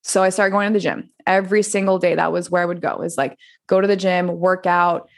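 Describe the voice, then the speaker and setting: A woman's voice: lowish voice, fairly even intonation, brisk. A woman in her thirties from France, a podcast guest telling her story in a candid, chatty way, filling her talk with "like" and swearing freely. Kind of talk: casual interview storytelling.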